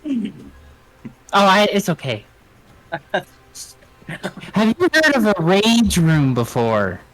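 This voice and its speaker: A man's voice: high voice, wildly swooping pitch, takes it slowly, a bit bright, soft background music, poor audio. A man chatting casually as a player in a tabletop game, with a wry, playful tone.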